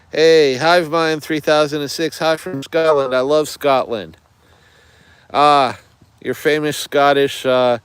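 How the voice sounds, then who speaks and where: A man's voice: medium pitch, clean tone, no echo. A man hosting an outdoors channel, rambling chattily to viewers in a livestream from the woods. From United States. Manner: chatty, digressive, many fillers, greets viewers.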